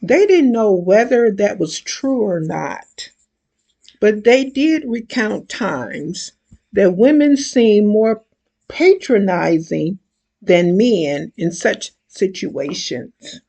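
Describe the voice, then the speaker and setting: Slow gravelly older woman reading aloud. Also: mid-range voice, expressive, mellow. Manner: slow, measured, deliberate reading. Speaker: author reading her own book. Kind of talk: reading a book excerpt aloud.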